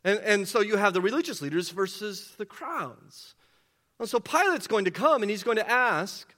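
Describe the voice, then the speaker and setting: A man preaching an expository sermon, asking rhetorical questions and dropping low and quiet for emphasis. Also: lively intonation, normal speed. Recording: long hall reverb.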